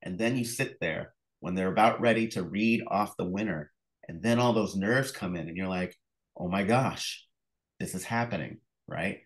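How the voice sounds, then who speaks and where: A middle-aged man, an author and illustrator, talks casually as an interview guest in a fairly low voice at a moderate pace. He tells stories with many fillers and restarts, acting out phone calls and reactions in sudden bursts of energy. He sounds like he's on a remote call, and the recording is rough.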